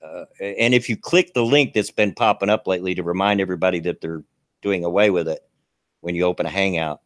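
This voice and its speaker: A man's voice: deep voice, fairly quick, no room sound. Folksy rambling man on a dry mic. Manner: folksy, rambling, laughs easily. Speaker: co-host of a live stream show. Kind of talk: casual live stream chat.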